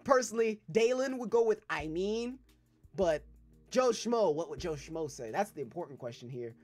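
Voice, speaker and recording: A young adult let's play gamer reads a dating game's dialogue aloud and riffs on it loosely, profanely and with lots of laughter. The voice is mid-range, a little mellow, moderately paced with lively intonation, and soft background music plays.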